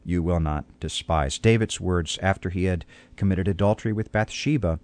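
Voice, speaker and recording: A man's voice: deep voice, darkish tone. A man, a pastor on a call-in radio talk show, answering questions in an earnest, preacherly way and often repeating words as he starts a thought.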